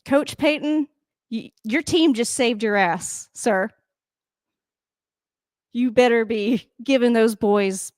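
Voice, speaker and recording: A woman hosting a casual live football reaction, excitable and swearing, often laughing and talking straight to the coach. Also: medium pitch, no echo, clean studio sound. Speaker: sports reaction host. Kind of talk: casual live game commentary.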